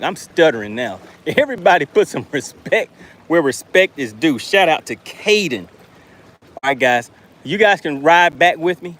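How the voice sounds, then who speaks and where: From a boat outdoors, a man with a slightly high voice hosts a fishing live stream, reading viewer chat aloud with animated exclamations.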